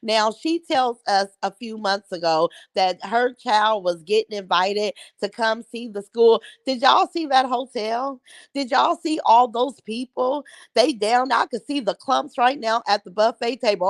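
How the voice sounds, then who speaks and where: Blunt, higher-voiced woman streaming live. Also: lively intonation, normal speed, no room sound. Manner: blunt, mocking trash talk. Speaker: livestream host. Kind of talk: casual chat reacting to live viewer comments.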